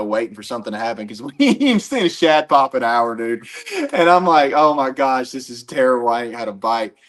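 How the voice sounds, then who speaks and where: A young man, a pro angler, telling a story in an excited, fast-moving way during casual chat. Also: mid-range voice.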